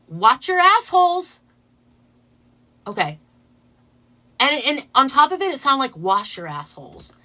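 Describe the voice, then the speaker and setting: A woman's voice: medium pitch, pushed and bright. A woman vlogger telling a funny story to her viewers in a casual way, laughing often and tripping over her words.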